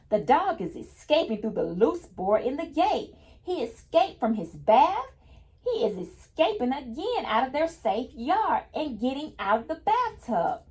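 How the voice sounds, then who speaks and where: A woman's voice: high voice, sing-song, unhurried, a little mellow. A woman reading a picture book aloud to children, patiently stopping to explain each new word in simple terms. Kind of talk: children's read-aloud lesson.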